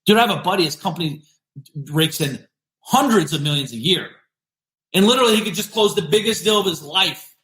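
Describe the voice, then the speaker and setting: A male podcast host giving an energetic, emphatic motivational business talk, repeating punchy phrases. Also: sits high, a little fast, roomy sound.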